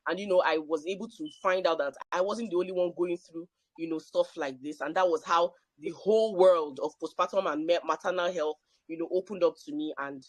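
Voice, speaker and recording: A woman's voice: fairly low pitch, fairly quick, few pauses, no echo. A woman sharing a personal story at a panel, emphatic and repeating phrases for effect. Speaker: panel speaker.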